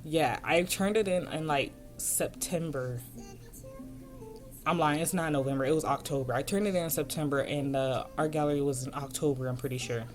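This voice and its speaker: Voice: medium pitch, darkish tone. A young adult art vlogger telling a storytime in a casual, slangy, worked-up way. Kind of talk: storytime over a speedpaint.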